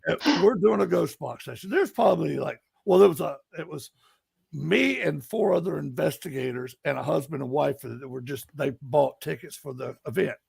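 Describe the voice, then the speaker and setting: A man telling paranormal investigation stories, animated and laughing, in casual chat. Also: on the high side, normal speed, gravelly, husky, no room sound. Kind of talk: casual storytelling on a live stream.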